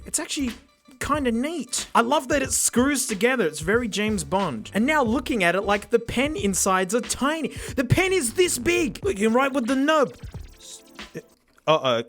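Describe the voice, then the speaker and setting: An excitable man with a raspy, hoarse voice reviews a gadget in mock-dramatic bursts. His voice sits high and swings wildly up and down, with faint music underneath. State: hoarse from yelling. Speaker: tech reviewer host. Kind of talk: casual gadget unboxing review.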